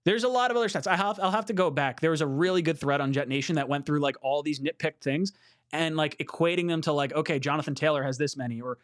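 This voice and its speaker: A man hosting a casual sports call-in show, excitable and quick to swear while he reads viewer messages. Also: on the high side. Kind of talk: casual livestream sports talk.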